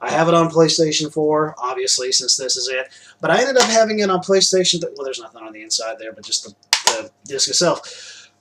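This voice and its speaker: A man's voice: on the high side, lively intonation, a little fast, very noisy. Rambling chatty young man. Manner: loose and chatty, many fillers, restarts and "to be quite honest", casual swearing. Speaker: gaming vlogger showing new purchases. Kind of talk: rambling casual vlog chat.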